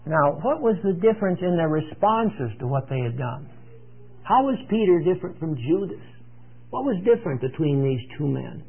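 A man with a fairly high voice leads a Bible study, retelling the story in a loose, conversational way full of pauses and filler words. The sound is thin and tinny, like an old radio broadcast. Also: big pitch swings, slightly rough. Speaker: Bible teacher.

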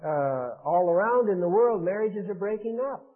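A man's voice: high-pitched, lively intonation, moderate pace. Man preaching over a tinny radio broadcast. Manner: earnest, repetitive exhortation with fillers. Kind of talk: sermon.

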